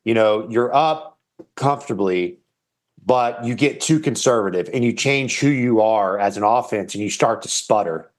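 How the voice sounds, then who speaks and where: A man who is a former quarterback, a guest on a sports talk show, explaining football strategy in a measured way. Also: mid-range voice.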